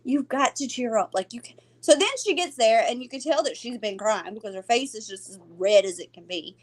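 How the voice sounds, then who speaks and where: A woman's voice: fairly high pitch, fairly quick. A middle-aged woman, telling a family story in casual chat and acting out the voices of the people in it. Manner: animated, acts out quoted voices, laughs often. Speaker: podcast co-host.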